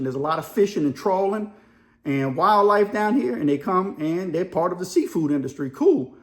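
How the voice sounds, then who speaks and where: A middle-aged man with a New Orleans accent, reacting to a news story in casual, slangy talk. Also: high-pitched. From Louisiana, New Orleans area. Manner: casual storytelling, drawling slang, quick laughs. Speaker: commentary video host. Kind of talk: reaction commentary.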